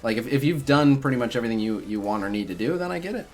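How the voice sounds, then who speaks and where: A young man talks very fast with lively intonation and a darkish, medium-pitched voice while streaming a mobile game. Replying to chat, he rambles casually, full of "like" and "uh."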